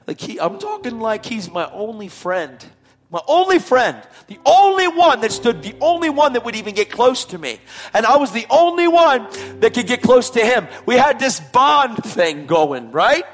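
A man giving an emotional personal testimony, a dramatic storyteller who drops to hushed tones and then rises to shouting. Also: extremely high pitch, very animated, normal speed, faint music behind. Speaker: testimony speaker.

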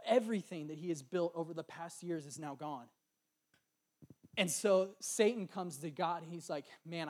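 Animated young man preaching a sermon. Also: on the high side. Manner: animated storytelling, acting out quoted voices.

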